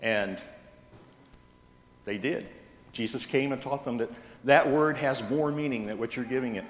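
A male pastor delivers his sermon in an easy, conversational storytelling way. His voice sits at an ordinary pitch and rings through a large echoing church with a long reverb tail. A faint hum of room noise lies underneath. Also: a little slow. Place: church sanctuary. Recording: echoey reverberant church hall.

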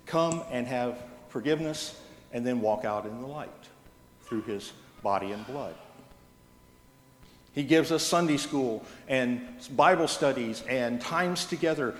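A man preaching a sermon in a church, telling stories with gentle humor. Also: mid-range voice, measured pace. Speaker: pastor. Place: church sanctuary. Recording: echoey church hall from a distance.

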